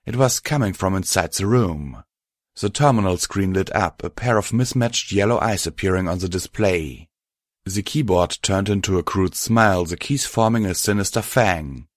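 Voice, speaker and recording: A man narrating a story aloud in a steady, even storytelling manner. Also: deep voice, normal speed, no echo, studio quality. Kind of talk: scripted audiobook narration.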